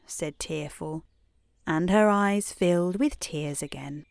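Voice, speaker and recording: Slow, soothing woman reading a bedtime story. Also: fairly low pitch, dry recording, studio quality. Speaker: host and storyteller.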